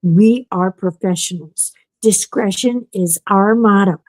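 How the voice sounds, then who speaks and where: A woman's voice: medium pitch, takes it slowly, no echo, pitched below the performer's own voice, low-quality recording. A woman doing an earnest, solemn young mover. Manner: earnest, sworn-to-secrecy tone. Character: earnest tall male mover, solemnly reassuring.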